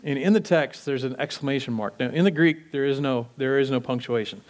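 A man preaching a sermon in a conversational, animated way, acting out quotes as he teaches. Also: mid-range voice, brisk. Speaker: pastor.

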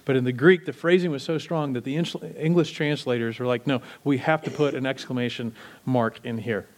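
A man preaching a sermon in a conversational, animated way, acting out quotes as he teaches. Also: mid-range voice, brisk. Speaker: pastor.

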